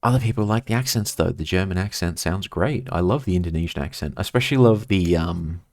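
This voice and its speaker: A man's voice: deep voice, fast, a little mellow, no room sound. An Australian man streaming a game, chatting casually and rambling while reading his chat aloud.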